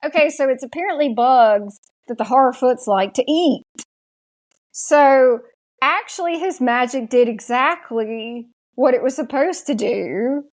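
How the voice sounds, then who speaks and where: A woman's voice: fairly high pitch, a little mellow. A woman with a Southern American accent, chatting casually as a podcast co-host and retelling scenes. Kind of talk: casual recap chat.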